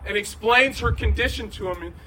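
A man preaching a conversational sermon in a large room, going from hushed to shouting. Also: high voice, a little fast, far from the mic, a little hiss or hum, low-quality recording. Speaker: pastor.

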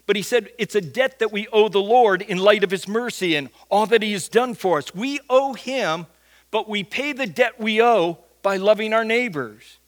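A pastor preaching a sermon, telling a story and then teaching from Scripture in an emphatic, conversational way. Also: male voice, high-pitched, normal speed. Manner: repeats words when starting phrases.

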